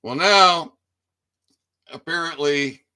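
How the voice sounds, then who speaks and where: A man's voice: on the high side, slow pace, pushed and bright, smooth. A man giving a rambling casual monologue to his viewers, stammering over repeated words and swearing freely. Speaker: independent online commentator.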